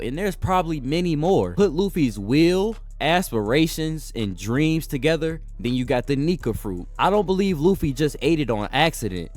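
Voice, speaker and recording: A man's voice: mid-range voice, a little mellow. A young man hosting an anime commentary channel, narrating a scripted video essay in a casual, enthusiastic way with slangy asides.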